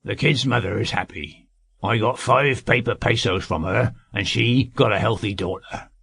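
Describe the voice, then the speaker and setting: A man voicing a sly, greedy male servant who schemes slowly in a husky, gravelly drawl. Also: fairly low pitch, fairly bright tone, no echo, clean studio sound, heavily acted. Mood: smug.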